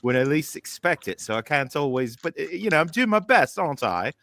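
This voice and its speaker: A man's voice: fairly high pitch, brisk, creaky, fairly bright tone. An American man putting on an exaggerated, playful English accent as a demonstration. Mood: hammy. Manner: exaggerated mock-British drawl.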